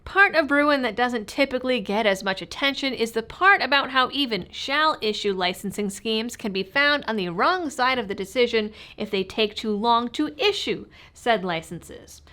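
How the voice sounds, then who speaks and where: A woman's voice: on the high side, lively intonation, moderate pace, few pauses, sharp tone. A woman hosting her own channel, giving sarcastic, mocking scripted commentary to camera. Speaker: political commentary host.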